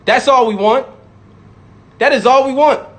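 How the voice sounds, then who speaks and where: A man's voice: very high-pitched, measured pace, a bit bright. A man giving a heated, profane monologue, repeating lines for emphasis and mocking imagined critics. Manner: mocks imagined critics in sudden voices. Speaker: rapper speaking out. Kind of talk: impassioned monologue.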